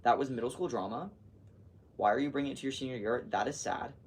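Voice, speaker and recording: A man's voice: mid-range voice, fast. Teen male vlogger, chatty and rambling, distant mic, light background noise. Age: teens. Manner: rambling, heavy use of "like", animated retelling. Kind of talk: casual chatty vlog.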